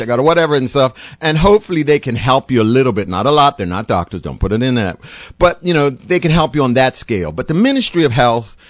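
A man's voice: no echo, clean studio sound. A doctor and show host, a man, giving an impassioned, rambling monologue. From Bermuda. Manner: impassioned, rambling, pitch swinging widely. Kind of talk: opinionated monologue.

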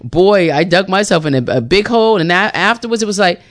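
A woman's voice: lowish voice, lively intonation, quick pace. A woman hosting a radio book club hour, chatting casually, laughing often and acting out little voices.

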